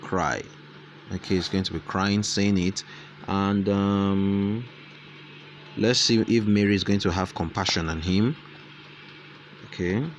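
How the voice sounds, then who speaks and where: A man talks through a tutorial in a deep voice. He speaks slowly, repeating phrases and calling out punctuation as he types. Faint background noise sits under his voice. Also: fairly even intonation. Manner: thinks aloud, repeats phrases, dictates punctuation. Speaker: tutorial host. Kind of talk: casual screen-recorded tutorial.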